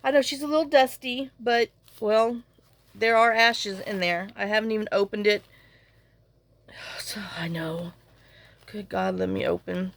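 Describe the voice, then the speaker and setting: A woman's voice: medium pitch, fairly even intonation, moderate pace. A woman vlogger chatting casually to camera, tearful and fighting back crying, rambling and often trailing off to restart. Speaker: journaling channel vlogger. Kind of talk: casual to-camera vlog chat.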